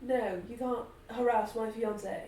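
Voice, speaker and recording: A woman's voice: on the high side, steady tone, measured pace, dark tone, a little hiss or hum. A woman playing a tabletop game, speaking in a dry, wry way. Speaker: player. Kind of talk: tabletop role-play. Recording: roomy, far from mic.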